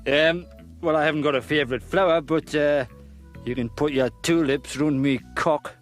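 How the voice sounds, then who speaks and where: A man's voice: on the high side, fairly even intonation, moderate pace, soft background music, natural voice. A man voicing a crude, cocky young Geordie lad.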